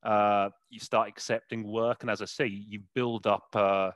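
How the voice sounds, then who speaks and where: Here an interpreter guest speaks in a fairly low, fairly bright voice with little pitch variation and a measured pace. His casual interview talk is dotted with pauses as he searches for words and many fillers. No echo is present.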